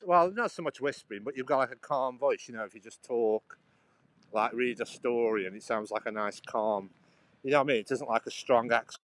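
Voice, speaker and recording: A man's voice: mid-range voice, a bit bright, rough recording. A man hosts a casual walking livestream outdoors, talking into a handheld phone. He rambles in a loose, friendly way and keeps chatting to his viewers by name as he goes. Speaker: livestream host. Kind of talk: casual live walking vlog. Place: outdoors on a canal towpath.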